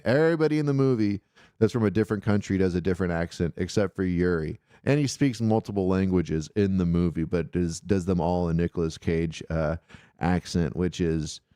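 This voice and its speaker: A man's voice: deep voice, dark tone, clear, resonant tone, no echo, studio quality. A man hosting an irreverent call-in live stream, talking casually and rambling loosely, with swearing. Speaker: call-in show host.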